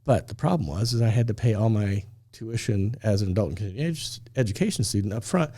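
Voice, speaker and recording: A man's voice: lowish voice, animated, fast, dark tone, no echo, studio quality. A man telling a personal story on a faith talk show, acting out the dialogue and laughing often.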